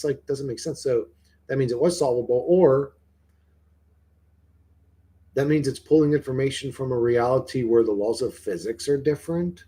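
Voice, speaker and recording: A man's voice: medium pitch, slightly rough. A man livestreaming who rambles, swears freely and keeps firing questions back at his chat in casual talk.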